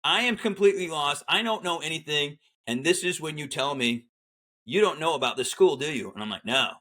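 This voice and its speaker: A middle-aged man speaks briskly in a fairly high voice while sharing a military story. He's an Army veteran guest in a casual chat, animatedly voicing the people he quotes.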